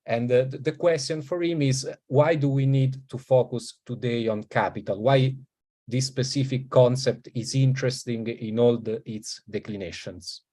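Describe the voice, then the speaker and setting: A man's voice: medium pitch, fairly even intonation, moderate pace, dark tone. Italian man hosting an online session. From Italy. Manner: hesitant, thinking aloud. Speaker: school coordinator, session host. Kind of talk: online welcome talk.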